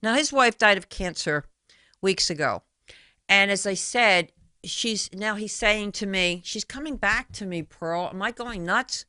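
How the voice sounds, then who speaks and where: Woman host, bright tense voice, chatty storyteller, dry close sound. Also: medium pitch, animated, measured pace, clear, resonant tone, no room sound. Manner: chatty storyteller who retells conversations. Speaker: talk show host. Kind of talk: solo radio talk show monologue.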